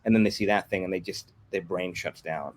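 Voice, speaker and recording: A man, a guest on an interview podcast, telling lively anecdotes and acting out the quotes. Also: low-pitched, slight background noise. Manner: fast, animated anecdotes with acted-out quotes. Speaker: guest, comics company executive. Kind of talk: casual interview storytelling.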